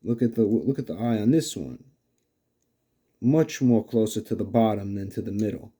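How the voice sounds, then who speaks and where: A man's voice: fairly low pitch, moderate pace, dark tone, breathy edge. A man with a New York accent casually demonstrating fishing lures, rambling with many fillers like "you know". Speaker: fishing channel host.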